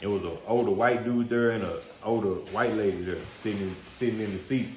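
A man's voice: lowish voice, fairly quick, a little mellow, roomy sound, a little hiss or hum. A man hosting a vlog, telling a story casually and animatedly in slangy speech. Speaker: vlog host.

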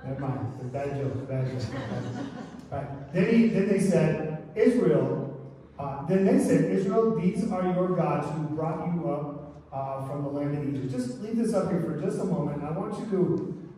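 A man's voice: on the high side, lively intonation, a little slow, mellow, slight background noise. A man preaching a sermon as pastor, talking conversationally and often checking in with "right?". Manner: conversational, frequent "right?" asides. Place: church sanctuary. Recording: echoey church hall from far off.

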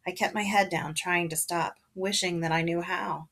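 Woman, reading a novel aloud, expressive narration, lowish voice. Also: moderate pace, slight background noise. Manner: casual chat before reading, then expressive narration with voiced characters. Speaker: reader of a children's novel. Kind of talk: reading a book aloud to listeners.

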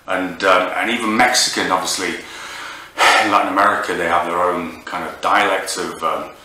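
Halting low-voiced man, echoey room. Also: steady tone, pushed and bright. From England. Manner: halting, rambling, hesitant. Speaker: comedian. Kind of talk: comic monologue. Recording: echoey room, distant mic, faint noise.

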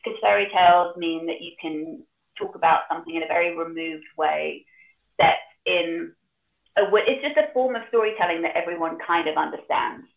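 A woman author chatting and reading aloud in a lively, animated way, her voice a little gravelly. The sound comes over a video call and is echoey and tinny, like a phone line. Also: fairly low pitch, normal speed. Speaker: author and guest. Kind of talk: casual chat and reading aloud.

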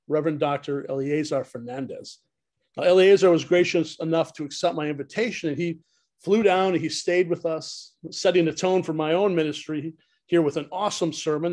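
A man's voice: fairly high pitch, darkish tone. A man, a pastor, giving a heartfelt tribute speech with humorous storytelling.

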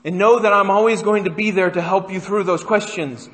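A man's voice: high-pitched, fairly even intonation, a little fast, a bit bright. A man pastor preaching a sermon in a church, conversational and often putting questions to the congregation. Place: church sanctuary. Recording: church hall reverb.

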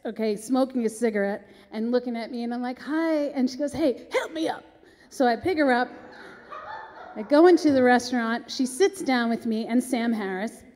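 A woman telling a long, animated backstage story on stage, chatty and breathless, often acting out the other voices. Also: on the high side. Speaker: guest performer. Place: synagogue hall. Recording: echoey hall, long reverb.

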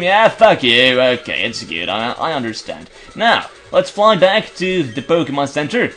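A man's voice: medium pitch, big pitch swings, a little slow, hardly any pauses, a bit bright. A young man from Belgium giving casual gameplay commentary, frustrated and swearing, sometimes reading game text aloud in silly voices. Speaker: let's play commentator.

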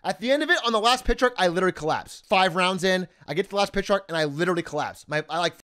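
A young man streaming, telling a long personal story in a casual, profane, animated way and laughing often. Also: high-pitched, rapid-fire, clean tone.

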